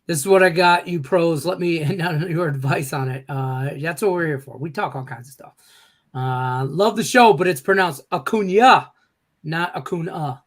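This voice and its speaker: A man's voice: on the high side, moderate pace. A man hosting a sports betting show, joking and rambling as he reads viewer comments aloud. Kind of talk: casual sports betting chat.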